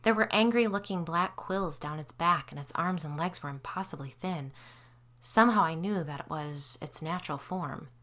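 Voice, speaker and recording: A woman narrating a spooky story in an even, suspenseful way. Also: on the low side, moderate pace.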